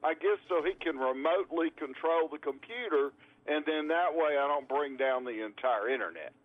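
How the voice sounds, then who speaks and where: A man's voice: on the high side, moderate pace, dry recording. Rambling man calling in on a tinny phone. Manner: rambling, repeats words, wry. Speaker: caller. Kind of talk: casual chat on a call-in show.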